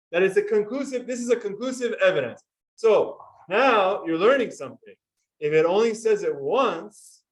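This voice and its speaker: A man's voice: sits high, distant mic, low-quality recording. A man teaching a Talmud class, explaining step by step and asking his students questions.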